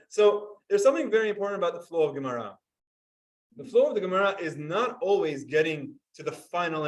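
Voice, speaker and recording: A man's voice: high voice, recorded from a distance, low-quality recording. A man teaching a Talmud class, explaining step by step and asking his students questions.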